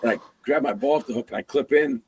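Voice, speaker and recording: A man's voice: medium pitch, quick pace, slight background noise. A man, a guest hunter, telling a story in a casual way and acting out the sounds and the dialogue. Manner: animated, acts out sounds and quoted dialogue.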